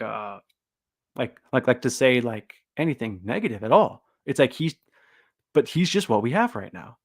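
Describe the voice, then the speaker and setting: A man's voice: medium pitch, no room sound, studio quality. Sarcastic man casually commenting on a stream. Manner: sarcastic, joking, slips into mock voices. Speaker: host of a livestream.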